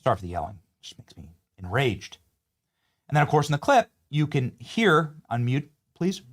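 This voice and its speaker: A man's voice: on the high side, sing-song, normal speed. A male host giving impassioned, emphatic commentary over video clips, moralizing as he goes.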